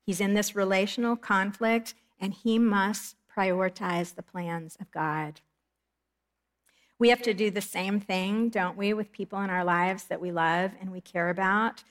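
A middle-aged woman giving a Bible study lesson in an earnest, measured way, reading scripture aloud and explaining it. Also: medium pitch, fairly even intonation. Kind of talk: Bible teaching lecture.

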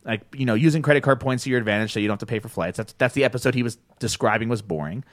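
A man's voice: mid-range voice, rapid-fire, no room sound, clean studio sound. A man hosting a podcast in casual chat, telling stories with lots of laughs and swearing. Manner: animated storyteller, swears freely, laughs often. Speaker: podcast host.

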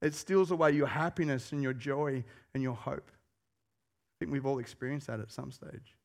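A pastor preaching a sermon, telling stories with animation and putting questions to the congregation. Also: male voice, mid-range voice, normal speed, vocal fry. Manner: animated storyteller who asks the congregation questions.

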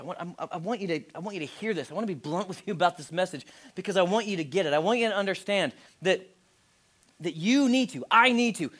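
A man in his forties, a pastor giving a sermon, talking directly and conversationally and often dropping to a hush. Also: fairly high pitch. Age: 40s. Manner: direct, conversational preaching with dramatic drops to a hush.

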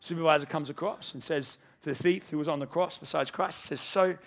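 A pastor preaches to his congregation in an earnest, storytelling way. His voice sits a little on the high side and he slips into the voices of the people in his story. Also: steady tone, a little fast, creaky. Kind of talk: sermon. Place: church service with a congregation.

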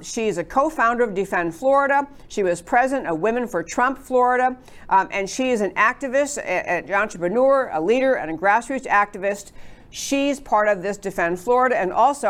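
A woman hosting a political talk show, chatting with rambling asides as she introduces her guests. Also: mid-range voice. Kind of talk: conservative talk show monologue.

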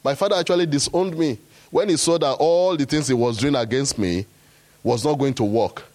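A man preaching a sermon, rising to loud, high exhortation and quoting scripture. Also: normal speed.

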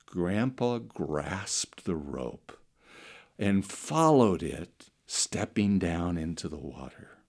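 A middle-aged man delivering a sermon as a storyteller, his voice low and gravelly. He takes his time, letting his delivery swing between loud passages and hushed ones. The pitch moves widely. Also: big pitch swings. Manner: slow, dramatic storytelling with wide swings in loudness. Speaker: pastor.

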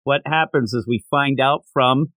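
A middle-aged man co-hosting a podcast, recapping a manga chapter in casual chat, animated and dropping into silly voices when quoting characters. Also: mid-range voice, normal speed, dry recording. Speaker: podcast co-host.

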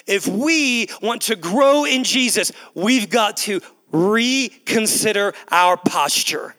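A man's voice: sits high, sharp tone. A man preaching a sermon in a large church hall, emphatic and repetitive, calling the crowd "guys". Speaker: pastor. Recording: long echo of a large hall.

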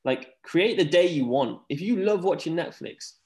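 A young man, a guest talking casually on a podcast, energetic and rambling, saying "like" a lot. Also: fairly high pitch, normal speed. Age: young adult. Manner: energetic, rambling, says "like" often. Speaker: guest, former pro tennis player. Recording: roomy echo.

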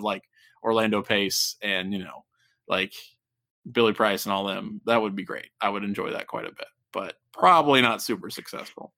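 A man's voice: medium pitch, a bit bright, dry recording, clean studio sound. A man from Ohio co-hosting a casual sports podcast. He rambles, repeats and corrects himself, and chuckles often. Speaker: podcast co-host.

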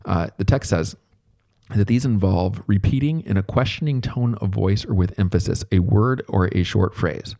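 A man giving a relaxed, conversational recorded lecture as a therapy instructor, thinking aloud as he explains. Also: lowish voice, normal speed, gravelly.

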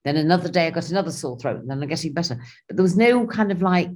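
A woman's voice: low-pitched, very fast. A woman, animatedly telling a personal travel story in casual conversation. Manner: animated, acts out her own and others' lines.

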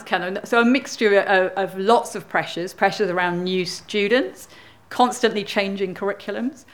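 Female worship leader, informal, talks with the congregation. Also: mid-range voice. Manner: informal, chatty address to the congregation. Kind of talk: leading a church service.

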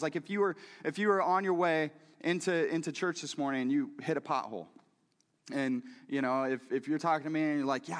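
A man preaching a sermon in a church, talking in a lively, conversational way with frequent restarts and repeated words. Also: fairly high pitch, long reverb tail. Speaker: pastor. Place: church sanctuary.

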